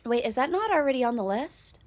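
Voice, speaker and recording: A woman's voice: high voice, big pitch swings, a little fast, slight background noise. A young woman streaming a game, chatting casually with laughter and profanity, self-mocking.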